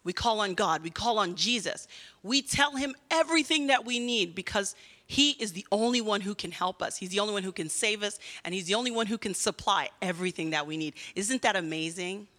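A woman giving a children's sermon in a lively way, often asking the kids questions. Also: mid-range voice, fairly quick, in a large hall. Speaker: children's church teacher.

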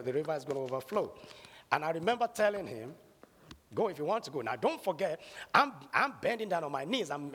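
A man preaching a sermon, telling a personal story dramatically and building to loud exhortation and prayer. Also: on the high side, slightly rough. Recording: long hall reverb.

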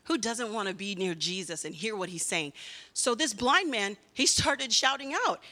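A woman giving a children's sermon in a lively way, often asking the kids questions. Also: mid-range voice, normal speed, in a large hall. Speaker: children's church teacher.

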